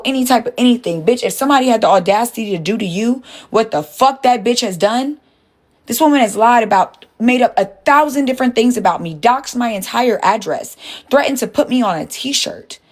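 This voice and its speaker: A woman's voice: a little high, roomy sound, low-quality recording. A woman livestreaming, ranting at her chat in a profane, confrontational way and repeating herself. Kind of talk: heated live-stream rant to chat.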